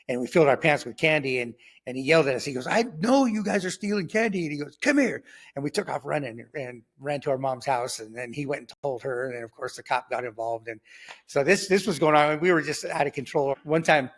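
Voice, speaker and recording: A man in his sixties telling his life story in conversation, lively and rambling, with lots of fillers and sudden jumps in pitch when he acts out other people's voices. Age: 60s. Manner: loose and rambling, full of fillers and restarts. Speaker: guest sharing his testimony.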